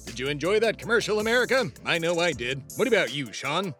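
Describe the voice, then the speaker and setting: A man's voice: a little high, animated, quick pace, fairly bright tone, soft background music. Rambling satirical podcast host, a man. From Texas. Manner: mock-pompous, rambling, stumbling over words. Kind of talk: satirical comedy podcast rant.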